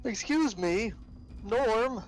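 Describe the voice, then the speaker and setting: A man's voice: extremely high pitch, lively intonation, extremely slow, poor audio. A man playing in a tabletop game, checking that his mic is heard, with music playing behind. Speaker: player. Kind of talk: casual tabletop role-play.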